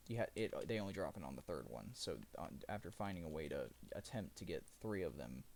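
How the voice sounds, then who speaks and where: A man's voice: a bass voice, vocal fry, a little mellow, slight background noise. A man streaming live, chatting casually and rambling about a video game, often correcting himself mid-sentence. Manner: rambling, self-correcting gamer talk. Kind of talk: casual livestream chat.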